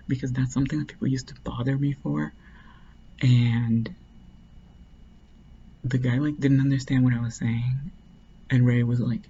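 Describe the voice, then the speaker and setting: A man's voice: medium pitch, fairly even intonation, moderate pace, long pauses, warm tone, lo-fi sound, a little hiss or hum. A man casually telling a long, rambling story, full of "like" and restarts. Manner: rambling, heavy use of "like".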